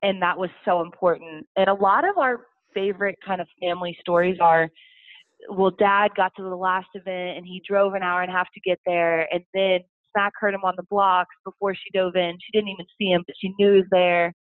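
A woman's voice: on the low side, fairly even intonation, fairly quick, no room sound. A woman guest telling family stories in a chatty way, laughing often. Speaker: interview guest. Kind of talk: casual storytelling. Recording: phone-like dry sound.

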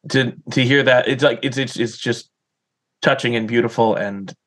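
A man's voice: mid-range voice, steady tone, moderate pace, fairly bright tone. A man interviewing a guest, talking casually and fumbling for words, with many fillers. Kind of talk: casual chat.

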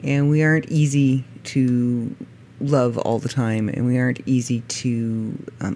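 A middle-aged woman with a low voice, hosting a podcast in a chatty, self-mocking way and laughing often. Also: mellow, a little hiss or hum. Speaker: podcast host. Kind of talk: casual podcast monologue.

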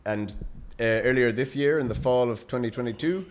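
Young Irish male researcher, measured and easygoing, mid-range voice. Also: medium pitch, a little hiss or hum. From Ireland. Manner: measured, lots of um and uh, laughs easily. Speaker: guest researcher. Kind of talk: casual podcast interview.

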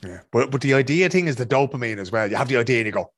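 A man hosting an interview, chatty and colloquial with quick interjections. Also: medium pitch, lively intonation, no room sound, studio quality. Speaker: podcast host. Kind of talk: casual interview chat.

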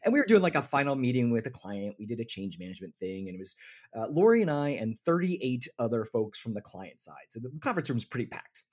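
A man's voice: mid-range voice, quick pace. A man talking casually as a podcast guest, telling workplace stories and acting out quotes. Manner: animated storyteller, acts out quotes. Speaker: inclusion consultant guest.

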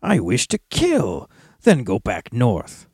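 Guy doing a bloodthirsty mine orc, raised pitch, dry close sound. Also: huge pitch swings, slow, dark tone, husky, dry recording, heavily acted. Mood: vengeful. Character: bloodthirsty male orc from the mines.

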